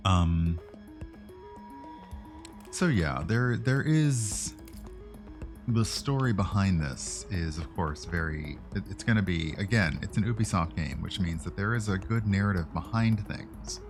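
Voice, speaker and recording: A man's voice: sits low, a little slow, music in the background. A man streaming a video game, chatting casually and rambling, with frequent fillers and self-corrections. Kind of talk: casual gameplay commentary.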